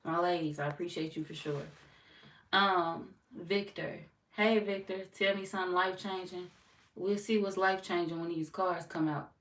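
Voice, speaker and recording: A young woman hosts a livestream, chatting with viewers in a slow, laid-back, slangy drawl, teasing and laughing easily. Her voice sits a little low. She is set back from the mic in a roomy space with faint noise underneath. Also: a bit bright, recorded from a distance. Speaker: tarot livestream host. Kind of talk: casual livestream chat reading comments.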